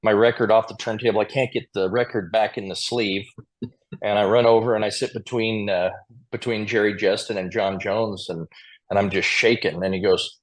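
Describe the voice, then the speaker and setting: A man's voice: on the low side, steady tone, moderate pace. A man from Montana, a square dance caller, telling chatty anecdotes as a podcast guest and chuckling now and then. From Montana, USA. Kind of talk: casual storytelling interview.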